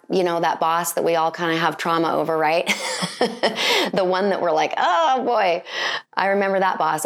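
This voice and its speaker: A woman's voice: fairly low pitch, vocal fry. A woman in her forties giving an earnest, conversational sermon full of rhetorical questions. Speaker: speaker.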